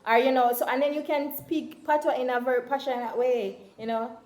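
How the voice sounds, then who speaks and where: A woman's voice: high voice, fairly even intonation, brisk, darkish tone, roomy sound. A young Jamaican woman talking casually to her viewers in a vlog, chatty and full of fillers. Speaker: vlogger.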